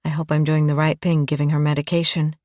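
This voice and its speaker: A woman voicing a stern, anxious mother with a sharp, scolding manner in an audiobook. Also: sits low, flat delivery, quick pace, dry recording, studio quality, lightly acted. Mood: worried.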